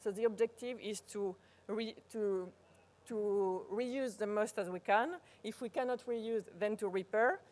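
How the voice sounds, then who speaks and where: A woman with a French accent, a native French speaker, giving a live workshop presentation, pausing often to search for words and restarting phrases. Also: medium pitch, darkish tone. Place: conference workshop room.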